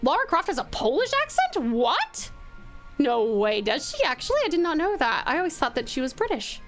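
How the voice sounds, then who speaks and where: An Australian woman streaming a game, chatting warmly with viewers and reading the game's narration. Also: high voice, wildly swooping pitch, normal speed, soft background music. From Tasmania, Australia. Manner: bubbly and affectionate with chat.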